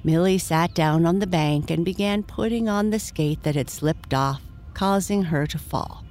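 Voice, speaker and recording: A woman reading a bedtime story aloud, gentle and measured. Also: lowish voice, slight background noise.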